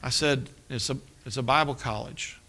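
A man preaching a sermon, telling his own story and acting out the dialogue, dropping to a hush at tense moments. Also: medium pitch, normal speed. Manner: storytelling, acts out dialogue with dramatic drops to a hush. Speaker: pastor. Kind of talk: sermon with personal testimony.

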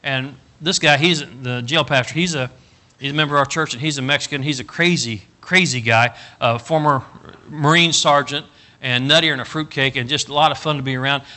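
A middle-aged man preaching a storytelling sermon, folksy and animated, rising to loud emphatic bursts. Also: medium pitch, fairly quick. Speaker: pastor.

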